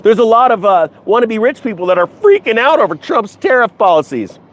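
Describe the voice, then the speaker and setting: This finance YouTuber is a middle-aged man whose high voice swings widely in pitch and moves a little fast. Talking casually to his live chat, he rambles, cracks jokes, and jumps between subjects.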